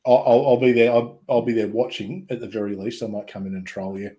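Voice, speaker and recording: A man hosting a casual online chat show, rambling and halting with many ums and restarts. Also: medium pitch, fairly even intonation, warm tone, slightly rough. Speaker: podcast host.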